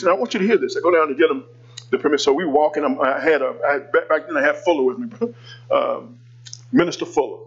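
Husky preaching pastor, man. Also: fairly high pitch, a bit bright, muffled recording. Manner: conversational preaching with call-outs to the congregation. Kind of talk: sermon storytelling.

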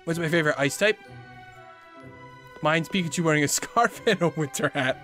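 A man casually chatting while playing a video game, moving from low mumbles to excited outbursts. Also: normal speed, faint music behind. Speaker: gaming video host. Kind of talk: casual let's-play commentary.

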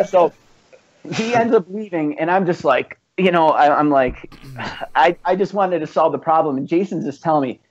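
A man's voice: fairly high pitch, normal speed, slight background noise. A man, a band's founding musician, telling rambling, profanity-laced stories with laughs in a casual chat. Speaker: band founder and musician, guest. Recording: muffled lo-fi podcast recording.

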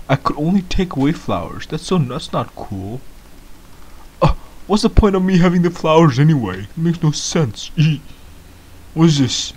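A man giving excitable, baffled gameplay commentary as a first-time gamer, laughing often. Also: fairly high pitch.

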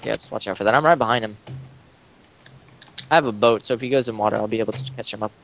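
A man chatting casually during a game with friends, excitable and quick to laugh and exclaim. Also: lowish voice, gravelly, slight background noise. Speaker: gamer. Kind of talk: casual gameplay chat.

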